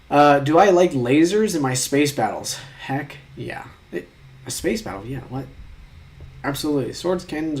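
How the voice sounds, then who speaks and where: A man's voice: medium pitch, slight background noise. Young man musing over quiz answers. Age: 20s. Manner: talks through quiz answers aloud, musing and joking; mock-exasperated, with casual swearing. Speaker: vlogger taking online quizzes. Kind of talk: casual commentary.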